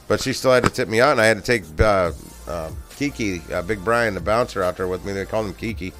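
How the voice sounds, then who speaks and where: A man's voice: on the low side, a little fast, a bit bright, soft background music. Rambling, cussing middle-aged man. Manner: rambling, profane, laughs often. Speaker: live stream host. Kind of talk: casual storytelling.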